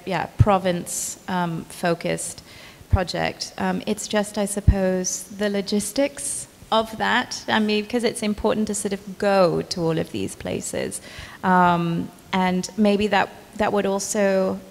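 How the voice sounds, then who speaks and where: Woman with a gravelly voice, in a hall. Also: mid-range voice, a little hiss or hum. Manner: hesitant, many fillers and restarts. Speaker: book editor and speaker. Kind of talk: public talk Q&A answers. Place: gallery event space. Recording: long reverb in a hall with faint ambience.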